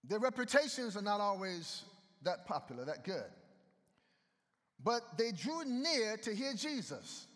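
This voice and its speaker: A man's voice: high-pitched, huge pitch swings, slow, pauses often, fairly bright tone. A man preaching a sermon in a conversational way and bantering with the congregation, heard in an echoey hall. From United States. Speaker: pastor.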